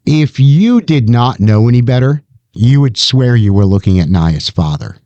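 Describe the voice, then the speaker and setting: A man's voice: mid-range voice, animated, normal speed, mellow, no room sound, dull audio. A man narrating as game master of a tabletop game, casual and calling for dice checks.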